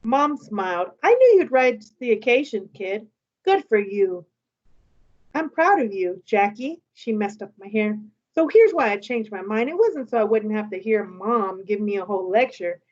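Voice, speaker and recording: A woman's voice: mid-range voice, normal speed, muffled recording. A woman teacher reading a children's novel aloud to her class, bringing the dialogue to life. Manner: lively, voices the characters' dialogue.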